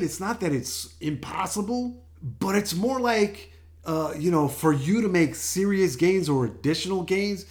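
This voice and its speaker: An older man talks through a casual health show, chatty and easygoing, laughing often between fillers and restarts. His voice sits a little higher than most men's. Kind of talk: casual talk-show monologue.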